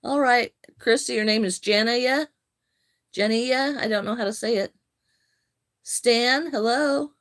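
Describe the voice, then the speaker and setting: Slow-talking older woman live streamer. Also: on the high side. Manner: unhurried, friendly, greets viewers by name. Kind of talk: casual live-stream chat answering viewer comments.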